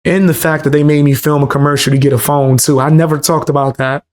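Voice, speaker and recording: He's a fast talker with a fairly high pitch and level tone, a man from the Bronx with a New York accent. On a live stream, he chats casually and tells profane, loose stories full of street slang.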